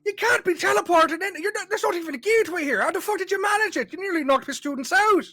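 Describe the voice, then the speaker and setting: A man voicing an exasperated, sharp-tongued woman mage who talks in a shrill, cross manner. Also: quick pace.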